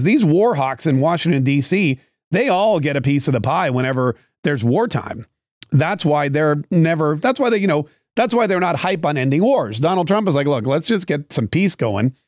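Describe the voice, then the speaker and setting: A man's voice: on the high side, no room sound, clean studio sound. A man hosting a political commentary show, delivering an opinionated monologue emphatically, with a lot of repetition.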